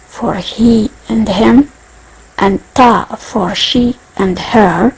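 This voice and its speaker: A woman teaching a beginner language lesson, speaking slowly and carefully and repeating each point. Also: a little high, vocal fry, darkish tone, husky, low-quality recording. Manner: slow, repetitive, careful enunciation.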